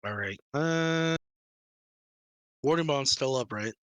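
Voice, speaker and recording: A man playing a tabletop game, unhurried as he picks his action. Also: mid-range voice, expressive, a bit bright, smooth, dry recording. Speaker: player. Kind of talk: casual tabletop play.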